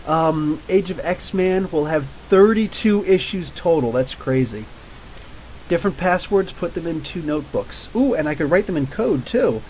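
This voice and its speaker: A man in his forties from New Jersey, hosting a live comics podcast and answering viewer comments in a rambling, jokey way, with drawn-out R's. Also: a little high, expressive, a little mellow, slight background noise, poor audio. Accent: New Jersey with drawn-out Ohio-style R's. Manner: rambling, jokey, talks back to chat. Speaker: podcast host.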